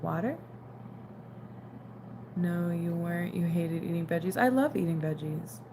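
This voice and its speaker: A young woman hosts a relaxed late-night livestream, chatting loosely and answering comments in a tired, low-pitched voice. A faint hum of room ambience sits under her talk. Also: measured pace. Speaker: livestream host. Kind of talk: casual livestream chat reading comments.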